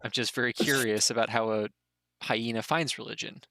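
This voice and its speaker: Bright, joking man, dry sound. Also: medium pitch, steady tone, brisk, dry recording. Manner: joking, amused. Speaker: player. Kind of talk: casual chat at a tabletop game.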